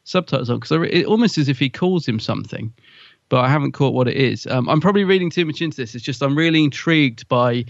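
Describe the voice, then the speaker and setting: A man's voice: mid-range voice, lively intonation, quick pace, vocal fry, dry recording, highs cut off. A man co-hosting a podcast, chatting casually and rambling with lots of fillers. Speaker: podcast co-host. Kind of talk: casual chat.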